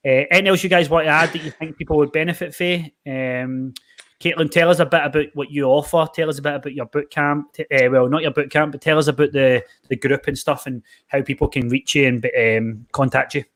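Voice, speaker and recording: A man's voice: a little high, brisk. A Scottish man hosting a podcast, telling rambling stories in casual chat. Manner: rambling, animated storytelling with lots of fillers. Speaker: podcast host, personal trainer.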